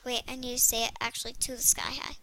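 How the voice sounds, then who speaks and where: A young female gaming video creator chatting excitably to herself while she plays. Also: on the high side, fast talker. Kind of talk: casual gameplay commentary.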